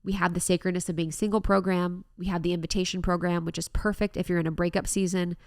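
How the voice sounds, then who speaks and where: A woman's voice: on the low side, flat delivery, fast talker, darkish tone, no echo, studio quality. A young woman hosting a solo self-help podcast, talking in an earnest, reflective way. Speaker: podcast host.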